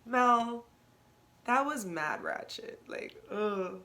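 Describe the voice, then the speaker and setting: Young woman host with a bright, forward voice; candid, slangy, animated storyteller. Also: on the high side, very slow. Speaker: podcast host. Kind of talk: casual storytelling podcast.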